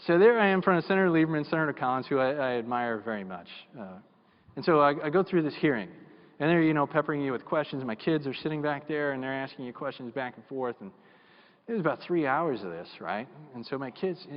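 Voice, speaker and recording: Middle-aged man, keynote speaker, folksy and self-deprecating; dull sound with long hall reverb. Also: medium pitch. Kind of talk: storytelling keynote speech. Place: large conference hall.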